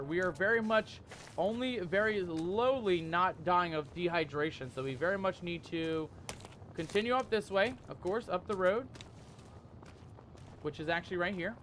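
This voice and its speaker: Brief: male let's-play host, high-pitched, excitable and jumpy, faint background hiss. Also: normal speed. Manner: jumpy, excitable, loud when scared; calls viewers "mateys". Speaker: gaming YouTuber.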